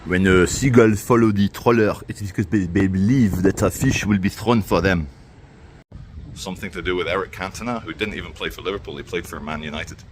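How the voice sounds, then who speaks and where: A man's voice: deep voice, a little fast, slight background noise. A man vlogging while he walks outdoors by a waterfront, talking in a sardonic, rambling way into a handheld camera. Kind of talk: walking vlog commentary.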